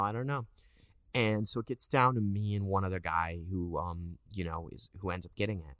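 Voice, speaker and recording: Deep-voiced man telling stories animatedly. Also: moderate pace, smooth, no echo, studio quality. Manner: animated storyteller, acts out quotes in a higher voice. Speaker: actor guest. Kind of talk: casual interview chat.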